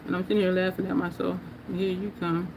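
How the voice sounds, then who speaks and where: A woman's voice: fairly low pitch, level tone, fast, noisy background. A woman from New Jersey with a New Jersey and New York accent, chatting casually with viewers while doing her makeup on a livestream and laughing often.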